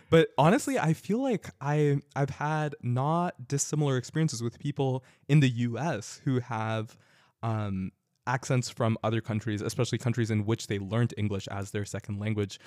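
A man's voice: medium pitch, normal speed, darkish tone, no echo, clean studio sound. A young man from California chatting casually, telling travel stories with lots of fillers and easy laughter. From California, United States. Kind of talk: casual conversational storytelling.

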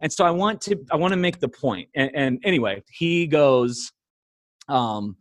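Middle-aged guy on a podcast, bit high voice, super animated, laughs a lot. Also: moderate pace, no echo, studio quality. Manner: animated storytelling, laughs often. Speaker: podcast guest. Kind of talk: casual conversation.

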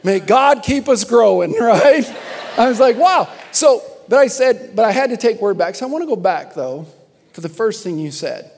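Young male pastor, higher pitch, animated sermon with laughs, long hall reverb. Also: normal speed, a little hiss or hum. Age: young adult. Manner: animated storytelling, laughing and exclaiming. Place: church sanctuary.

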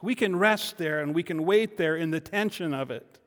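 A man, the lead pastor, preaching a sermon, building from quiet reflection to loud emphatic declarations with rhetorical questions. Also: on the high side, normal speed, in a large hall. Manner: rhetorical questions answered in turn. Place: church sanctuary.

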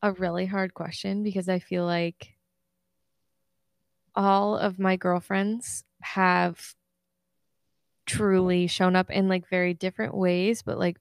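A young woman co-hosts a casual chat podcast, rambling earnestly and saying "like" a lot. Her voice is fairly low, gravelly, and smooth, recorded with no echo.

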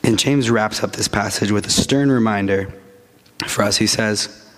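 A man preaching a sermon to his congregation, earnest, with frequent restarts, and slowing down to stress key phrases. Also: lowish voice, a bit bright. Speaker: pastor.

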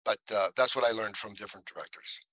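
A man's voice: fairly low pitch, quick pace, no echo, low-quality recording. A man, an actor, telling stories in a casual interview and animatedly acting out what others said. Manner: animated, acts out other people's lines. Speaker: actor guest.

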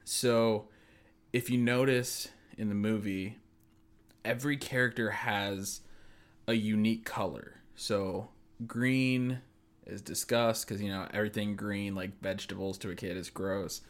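A man's voice: lowish voice, fairly even intonation, unhurried. A man in casual conversation, explaining a film's ideas hesitantly and searching for words. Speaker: co-host discussing a film. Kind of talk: casual chat.

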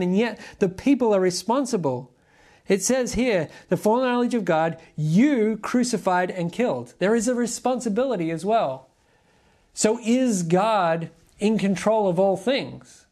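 A preacher giving a sermon in an earnest, measured way, reading scripture aloud and putting direct questions to the listeners. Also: mid-range voice, a little mellow.

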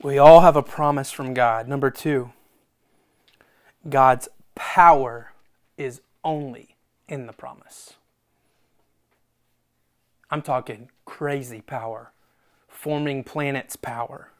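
A preacher in full sermon mode, with a voice that lands in the middle of the usual pitch range. They read scripture aloud and comment on it, repeat key phrases for emphasis, and drop from loud, emphatic bursts to almost a whisper. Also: steady tone, slow, pauses often. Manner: swings between loud emphatic bursts and hushed near-whispers.

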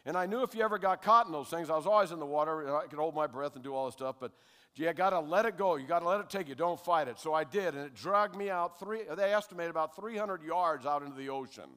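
An older American man giving a lively spoken testimony to a congregation, checking in with his listeners as he tells his story. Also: on the high side, fast. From United States. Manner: animated storyteller who keeps checking in with the audience. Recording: long hall reverb.

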